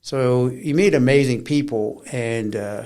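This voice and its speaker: A man's voice: mid-range voice, a little slow. A middle-aged man telling stories as an interview guest, often acting out the voices of people he quotes. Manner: animated storyteller who acts out quoted voices. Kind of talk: conversational interview storytelling.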